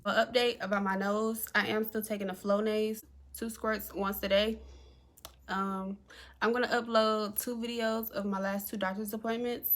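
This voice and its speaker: A young woman telling a personal story to camera in a chatty, animated way. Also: normal speed. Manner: animated, chatty, acts out quotes with big jumps in pitch. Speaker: vlogger.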